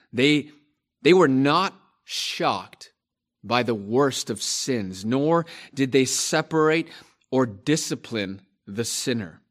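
A male pastor preaching a sermon, slow and emphatic, repeating key phrases for stress. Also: mid-range voice, a bit bright.

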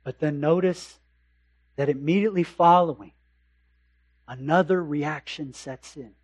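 A man with a notably high voice preaches a sermon. He builds emphasis with repeated phrases and slows for scripture readings. The recording is close and dry. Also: no room sound. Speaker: pastor.

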